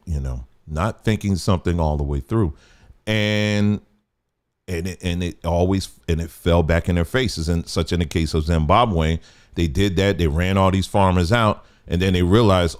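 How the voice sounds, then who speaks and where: Low-voiced guy on a livestream, keeps repeating himself, lots of why-is-it questions. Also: moderate pace. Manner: emphatic, repeats himself, asks rhetorical questions. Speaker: livestream host. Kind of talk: livestream commentary.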